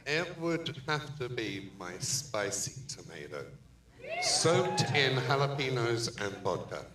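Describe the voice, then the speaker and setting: A man's voice: medium pitch, very animated, slow. A man competing in a pageant, giving cheeky, playful answers on stage. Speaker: pageant contestant. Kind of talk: live on-stage interview. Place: theater stage at a live pageant. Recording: distant mic in an echoey hall with crowd.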